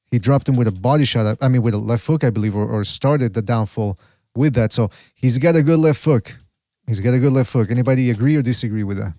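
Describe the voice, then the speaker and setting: A man's voice: medium pitch, darkish tone, dry recording. A man hosts a casual podcast and rambles along, stopping to search for names and restarting his sentences. His voice sits in the middle range for a man. It is recorded dry, with no room sound. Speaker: podcast host.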